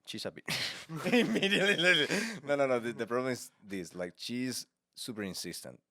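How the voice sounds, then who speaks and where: A man co-hosting a podcast, telling a story in animated casual chat, laughing often and speaking with slightly uneven grammar. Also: mid-range voice, normal speed, no room sound, studio quality. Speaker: podcast co-host.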